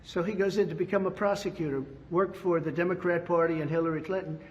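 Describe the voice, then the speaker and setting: An older man from the United States speaks in an emphatic, repetitive press statement, his voice sitting a bit high. The sound is dull and lo-fi, with a long reverb trailing each phrase as if picked up in a large room. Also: fairly even intonation, fast talker. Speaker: former president.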